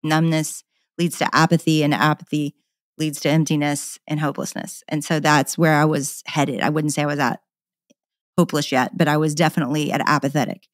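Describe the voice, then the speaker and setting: A woman's voice: deep voice, little pitch movement, fairly quick, no room sound, clean studio sound. A middle-aged woman, a podcast guest, candidly telling a personal story in an earnest, passionate way and often repeating words.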